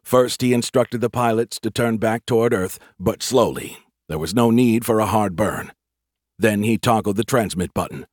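A man reading a science fiction audiobook as its narrator, in a measured, slightly wry manner. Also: lowish voice, darkish tone, no echo, studio quality. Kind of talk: scripted narration.

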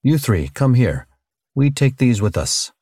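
A man's voice: fairly low pitch, sing-song, moderate pace, darkish tone, no room sound, studio quality. A man reading an audiobook, voicing a haughty elfin alien slave trader who barks clipped commands. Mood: commanding.

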